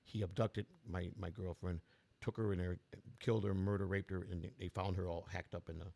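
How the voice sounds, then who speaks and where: A man's voice: sits low, flat delivery, fairly quick, a little mellow. A man in his sixties with a strained voice, telling his life story in a blunt, rambling way with many restarts. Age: 60s. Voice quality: gravelly. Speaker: political candidate. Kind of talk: personal storytelling.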